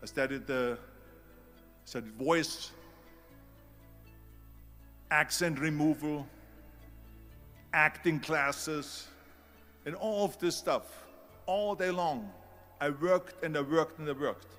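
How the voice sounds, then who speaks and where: A man's voice: a little high, takes it slowly, long pauses, a bit bright, faint music behind. A man with a German accent giving a motivational speech, emphatic and repeating key phrases for effect. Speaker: public speaker.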